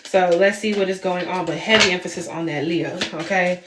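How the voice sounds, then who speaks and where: A woman's voice: fairly low pitch, brisk, a bit bright, a little hiss or hum. Chatty young woman, echoey room. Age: 20s. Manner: chatty, addresses viewers as y'all, frequent "okay?" tags. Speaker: tarot reader. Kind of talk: casual tarot reading with candle spellwork.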